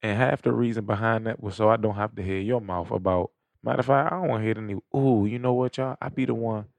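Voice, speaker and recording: A man with a fairly low voice riffs through casual podcast banter, loose and profane, full of jokes and slang. The sound is dry and close to the mic. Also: steady tone, quick pace, vocal fry, darkish tone, dry recording. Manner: loose, profane, joking street talk. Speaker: podcast co-host.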